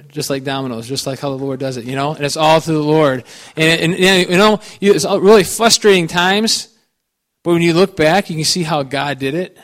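A man's voice: on the high side, a bit bright. A man telling personal stories as a guest speaker, rambling and folksy, full of "you know" and restarts. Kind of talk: personal testimony storytelling.

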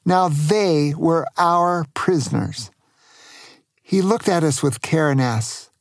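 An older man narrates a children's adventure in a slow, unhurried voice with plenty of gravel. He often turns to ask the young listener questions. The sound is dry and close. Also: on the high side, expressive, dry recording. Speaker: storyteller. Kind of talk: bedtime-style story narration for children.

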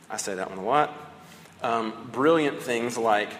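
A man's voice: lowish voice, normal speed, fairly bright tone, a little hiss or hum. A man in his thirties preaching a sermon in a conversational way, with fillers and restarts. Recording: echoey hall with long reverb.

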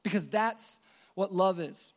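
A man voicing God as a calm, assured figure answering the angels in a sermon. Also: high voice, unhurried. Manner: calm, matter-of-fact.

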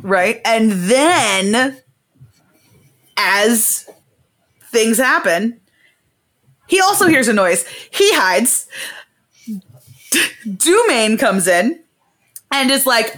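Bright animated woman retelling a play. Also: fairly high pitch, slow pace. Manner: animated, puts on slangy voices for characters. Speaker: podcast host retelling a play. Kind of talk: casual comedic recap.

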